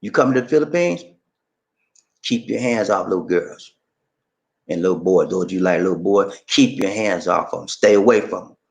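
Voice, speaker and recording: A man's voice: sits low, animated, normal speed, gravelly. A man hosting a casual vlog, chatty and repetitive as he quizzes viewers. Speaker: channel host.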